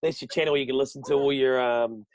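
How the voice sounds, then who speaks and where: A man's voice: mid-range voice, steady tone, fast talker, darkish tone, no room sound. A man with a New Zealand accent, a radio host guesting on a podcast, chatting casually and swearing freely as he rambles. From New Zealand, Southland. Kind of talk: casual chat.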